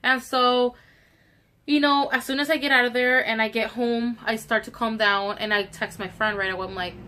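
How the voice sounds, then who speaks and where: Young woman, storytime vlog, bright clear voice, animated and indignant, casual swearing. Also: a little high, normal speed. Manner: animated, indignant retelling with quoted dialogue. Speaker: vlogger.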